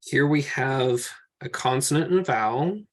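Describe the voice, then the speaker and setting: A man's voice: medium pitch, normal speed. A man teaching a class from slides, explaining each step patiently and thinking aloud as he works.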